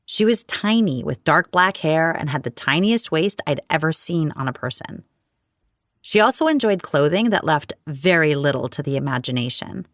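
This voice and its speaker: A woman reads a romance audiobook in the first person with a wry, expressive touch. Her voice sits a little low but moves with lively, animated intonation. The recording is dry and close. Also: moderate pace, no echo. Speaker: audiobook narrator.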